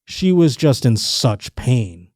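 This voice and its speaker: A man hosting a podcast, telling a rambling, animated story in casual chat. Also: mid-range voice, slow, dry recording, studio quality. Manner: rambling, animated storytelling with restarts and quoted voices. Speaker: podcast host.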